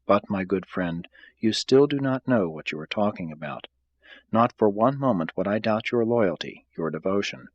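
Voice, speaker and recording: A man reading aloud, voicing a gentle, earnest male spiritual teacher in a calm, measured way. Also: fairly low pitch, dry recording, muffled recording. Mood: tender earnest. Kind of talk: audiobook reading.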